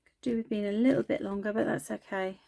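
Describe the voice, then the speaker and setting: Chatty woman crafting, gravelly voice. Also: mid-range voice, steady tone, fast talker, dark tone. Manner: chatty, self-deprecating, talks while working. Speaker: craft video host. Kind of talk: casual crafting chat.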